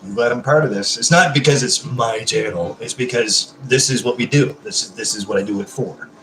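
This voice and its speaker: A man's voice: medium pitch, fairly quick, roomy sound, music in the background, poor audio. A man chatting on a live stream, drinking beer while he answers comments, effusive, rambling and swearing constantly. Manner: effusive, rambling and heavily profane. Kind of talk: casual live-stream chat.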